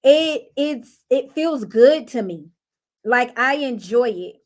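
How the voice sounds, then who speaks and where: A woman's voice: a little high, animated, slow. A young woman and mother chatting casually to camera, laughing often and talking to her kids now and then. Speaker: vlogger and mother.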